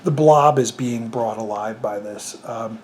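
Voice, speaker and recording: A man's voice: mid-range voice, unhurried, slight background noise. A man reviewing a film in a casual way, rambling with many fillers and restarts and chuckling now and then. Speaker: movie reviewer.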